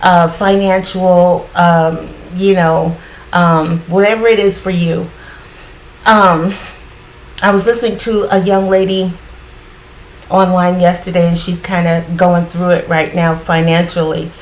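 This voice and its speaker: A woman giving a casual spiritual card reading in a groggy morning voice, often clearing her throat and rambling reassuringly with lots of fillers. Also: lowish voice, little pitch movement, measured pace, slight background noise, low-quality recording. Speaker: tarot card reader.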